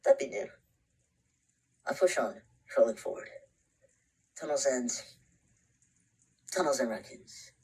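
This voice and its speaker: A man's voice: medium pitch, animated, takes it slowly, long pauses, husky, full character voice, rough recording. An actor playing an anxious, introspective young man who narrates a short film in a half-whispered voice. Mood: shaken. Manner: brooding, often half-whispered, breaks into panicked shouts.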